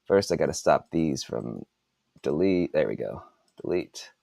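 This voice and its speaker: Rambling man in his forties, lively pitch. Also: a little slow, creaky, no room sound, studio quality. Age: 40s. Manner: rambling, mutters to himself while working on a computer, swears freely. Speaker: author and podcast host. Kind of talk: casual live-stream chat while working.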